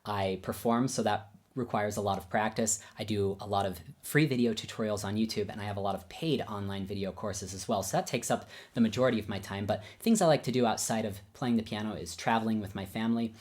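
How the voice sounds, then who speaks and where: A man's voice: lowish voice, a little mellow. A man who is a concert pianist and teacher, telling personal stories in a friendly, self-deprecating way. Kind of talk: casual personal storytelling.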